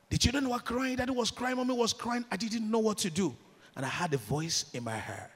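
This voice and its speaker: Nigerian male preacher, slightly high and husky, impassioned sermon delivery, long hall reverb. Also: expressive, a little fast. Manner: impassioned, swings from shouted declarations to hushed storytelling. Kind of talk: sermon with storytelling.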